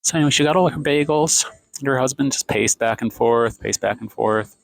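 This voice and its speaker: Indoors at a café, a man in his fifties records a sarcastic vlog rant on his phone, rambling and exasperated. He speaks briskly in a gravelly, medium-pitched voice, and the recording is dry.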